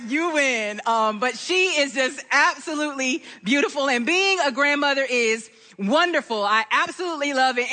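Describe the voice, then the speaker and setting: Middle-aged grandma talking to a crowd, bubbly and bright, high voice, big hall echo. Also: female voice. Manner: bubbly, animated storyteller. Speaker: speaker. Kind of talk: speech to a live audience.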